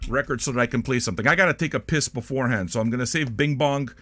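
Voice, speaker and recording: A man's voice: mid-range voice, racing, a bit bright. An older man from Canada, hosting a music reaction show in a blunt, profane, rambling monologue.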